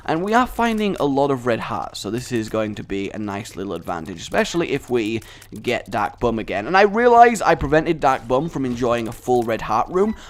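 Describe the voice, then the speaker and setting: A man's voice: medium pitch, sing-song, a little fast. A young man giving casual, jokey, self-deprecating commentary while playing a video game. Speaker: gameplay commentator. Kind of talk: casual let's-play commentary.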